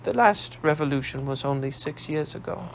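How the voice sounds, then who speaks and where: A man's voice: fairly high pitch, moderate pace, vocal fry, slight background noise. A man voicing an earnest, resolute young woman revolutionary who speaks matter-of-factly.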